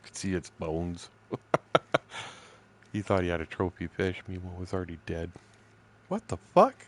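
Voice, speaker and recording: A man's voice: low voice, flat delivery, normal speed. A man in his sixties casually telling profane, rambling fishing stories while streaming a game, laughing often. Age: 60s.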